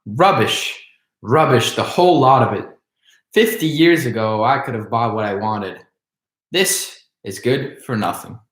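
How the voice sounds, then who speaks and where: Guy doing a creaky cracked old witch lady, spiteful and muttering, storybook read-aloud, roomy echo. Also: medium pitch, lively intonation, a little slow, a bit bright. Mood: scornful. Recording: echoey room.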